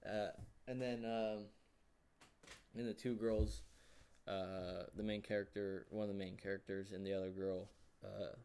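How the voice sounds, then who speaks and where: Rambling low-voiced man, full of fillers. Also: a little slow, clear, resonant tone. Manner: rambling, heavy fillers, excitable reactions. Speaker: YouTuber. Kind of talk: casual rambling show recap.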